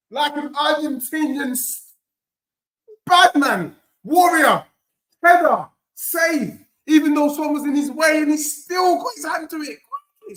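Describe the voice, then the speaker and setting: A man reacting live to a football match as a fan streamer, excitable and shouting, his voice going hoarse. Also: extremely high pitch, roomy sound. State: losing his voice.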